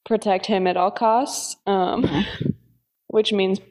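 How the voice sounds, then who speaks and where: A woman's voice: mid-range voice, fairly even intonation, slow, a little mellow. A woman co-hosting a podcast, chatting in a playful, giggly way. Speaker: podcast co-host. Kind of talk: casual chat.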